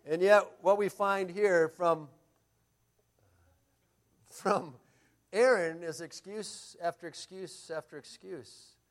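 A middle-aged man pastor preaching a sermon, telling stories and moving between loud emphasis and quiet asides. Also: a little high.

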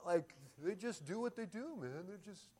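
A man's voice: sits high, lively intonation, moderate pace, darkish tone, voice pushed up. A man preacher voicing Aaron as a casual, offhand man making flimsy excuses in a sermon.

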